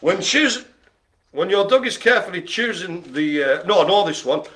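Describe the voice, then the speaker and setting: Jokey, bright-voiced male bingo caller. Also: sits high, expressive, moderate pace. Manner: jokey, chatty, playful asides. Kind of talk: lively bingo calling with banter.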